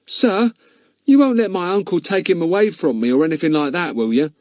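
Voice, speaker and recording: A man's voice: high-pitched, brisk, darkish tone, dry recording, studio quality, voice pushed up, lightly acted. A man voicing an eager, earnest boy in an audiobook reading.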